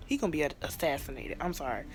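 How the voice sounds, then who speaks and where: An animated vlogger chatting casually about a TV show, voice swooping up and down as exasperation builds. They act out the characters' lines and keep breaking into laughter. Faint music plays underneath. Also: mid-range voice, fast talker. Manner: animated, exasperated, acts out scenes; frequent laughter. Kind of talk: casual TV reaction chat.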